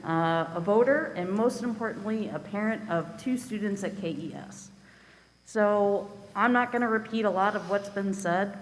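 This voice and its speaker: A woman, a parent giving firm, direct public comment at a school board meeting. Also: mid-range voice. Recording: reverberant meeting hall.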